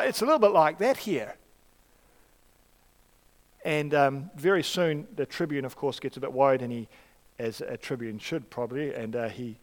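Male preacher, fairly high voice, chatty sermon delivery full of ums and restarts, long hall reverb. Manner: conversational, with frequent fillers and restarts.

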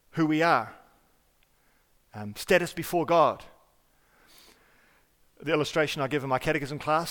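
A pastor preaches a sermon in a medium-pitched voice, earnest and emphatic. He often restarts words and swings between loud stresses and quiet asides, with hall reverb on the recording.

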